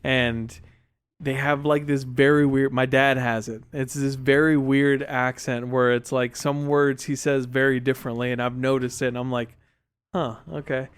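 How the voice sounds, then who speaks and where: A young man co-hosting a podcast, talking in a relaxed, rambling way with lots of fillers. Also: mid-range voice, normal speed, smooth. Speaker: podcast co-host. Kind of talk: casual chat.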